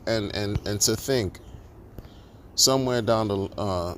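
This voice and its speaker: A man's voice: lowish voice, takes it slowly, a little hiss or hum. A man ranting in a monologue, exasperated and sarcastic, firing off rhetorical questions and restarting his sentences. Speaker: crypto commentator.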